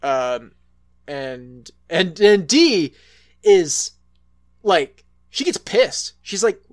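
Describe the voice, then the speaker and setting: A male podcast co-host tells a story in a loose, casual chat, circling back with fillers and restarts and swearing freely. His voice is a little high, moves in big pitch swings, and is very slow.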